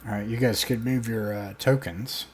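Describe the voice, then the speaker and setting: Low-voiced man running the game, easygoing and unhurried. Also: steady tone, darkish tone, a little hiss or hum. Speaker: game master. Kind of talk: narrating a tabletop game.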